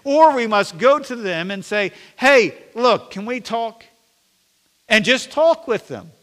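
Male pastor, bright tone, earnest sermon delivery with dry humor, reverberant sanctuary. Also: extremely high pitch, very animated, slow. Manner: earnest preaching with self-deprecating jokes. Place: church sanctuary. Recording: long reverb of a church sanctuary.

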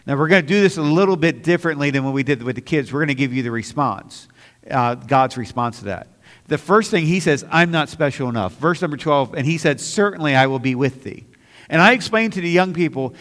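A man with a fairly high voice preaching in a church hall, where a long echo trails each phrase. His delivery is earnest and often builds to emphatic stretches, and a slight stammer shows in small restarts. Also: fairly bright tone. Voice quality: slight stammer on some words. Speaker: pastor. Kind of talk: sermon.

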